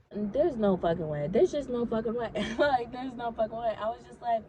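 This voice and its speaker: A woman's voice: fairly high pitch, moderate pace, few pauses, crowd noise, low-quality recording. A young adult woman casually telling a story to her viewers, chatty and swearing freely.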